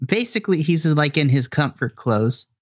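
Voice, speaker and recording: A man narrating a tabletop role-play as game master, telling the story in a measured, descriptive way. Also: a little high, expressive.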